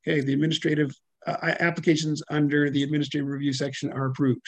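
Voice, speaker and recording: A man chairing a public commission hearing, halting and full of fillers and self-corrections, speaking over a video call. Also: fairly high pitch, little pitch movement, dry recording.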